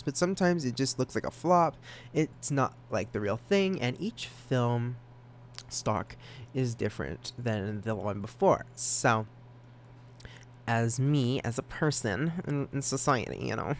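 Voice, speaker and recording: A teenage boy hosting his own podcast, rambling and self-deprecating, giggling and jumping into sudden high silly voices. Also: slight background noise. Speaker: podcast host.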